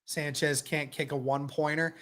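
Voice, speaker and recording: Hosting a live football watch-along, a woman calls the plays and bursts out with animated, exasperated reactions while thanking members of her chat. Her voice is low-pitched and her pace moderate.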